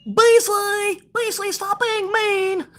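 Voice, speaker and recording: A man's voice: level tone, slow pace, a bit bright, full character voice. A man voicing a whiny, bratty young male wrestling troll who shrieks insults and whines to his mom. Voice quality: shrill, shrieking. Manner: mocking, cursing, whining to his mom.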